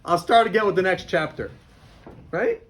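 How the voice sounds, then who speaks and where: A man's voice: high-pitched, normal speed. A man, a rabbi, teaching a class of boys and telling them a story, often repeating himself.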